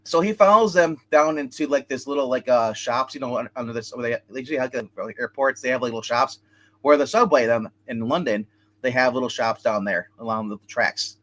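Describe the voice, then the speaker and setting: A man's voice: mid-range voice, fairly quick, fairly bright tone. A man co-hosting a casual film review chat, rambling as he retells scenes and acts out quotes. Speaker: movie review show co-host.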